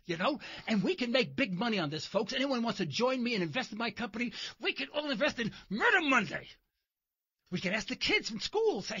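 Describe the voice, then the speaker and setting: Sarcastic high-voiced man on talk radio. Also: fairly quick, breathy edge, muffled recording. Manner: sarcastic, mocking, animated. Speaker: radio host. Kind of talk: satirical talk radio monologue. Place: in a car while driving.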